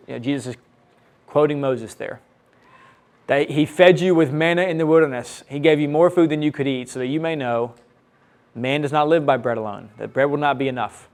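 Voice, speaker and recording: A man's voice: on the high side, fairly quick, a little mellow. A man preaching a sermon as pastor, teaching earnestly, reading scripture and repeating key phrases for emphasis.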